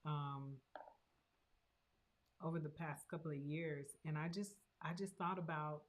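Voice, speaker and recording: A woman, a therapist and host, talking earnestly and encouragingly about her own hard experience. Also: deep voice. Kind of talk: heartfelt personal talk.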